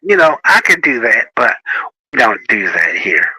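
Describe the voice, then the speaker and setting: A man chatting casually as host, telling animated stories and laughing often. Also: on the low side, normal speed, slightly rough, no room sound, poor audio. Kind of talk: casual chat.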